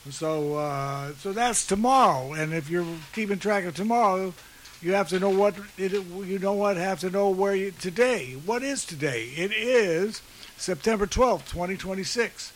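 A man's voice: high voice, moderate pace, a little hiss or hum, low-quality recording. A man co-hosting a casual radio chat, playful and joking. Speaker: radio co-host.

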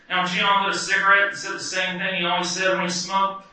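A man's voice: sits high, steady tone, brisk, few pauses, pushed and bright. Wry man telling a story in an echoey room. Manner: wry, vivid comic storytelling. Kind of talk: first-person personal story. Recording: very echoey room, distant mic, music behind.

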